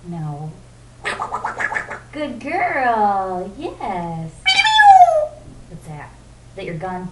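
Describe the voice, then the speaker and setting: A woman's voice: medium pitch, very animated, extremely slow. A woman talking to her pet parrot in a coaxing, sing-song baby-talk voice, praising and prompting it. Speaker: pet owner. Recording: roomy, distant home-camera sound with loud noise.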